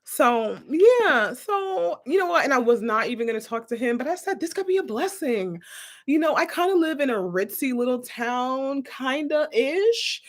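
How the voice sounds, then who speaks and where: A woman hosting a vlog in casual chat to camera, animated and sassy, often laughing. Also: sits high, normal speed, few pauses. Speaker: vlog host.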